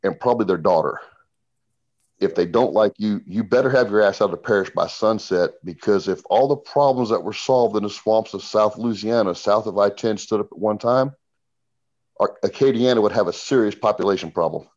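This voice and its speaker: A middle-aged man talking bluntly and profanely as a podcast guest, telling animated stories. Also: lowish voice, fairly quick, dull audio. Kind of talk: casual podcast conversation.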